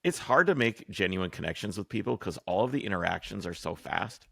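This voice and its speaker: A male host in casual conversation, thoughtful and steady. His voice is very low with a gravelly rasp. The sound is close and dry. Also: a little fast, dry recording. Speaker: podcast host. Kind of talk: casual chat.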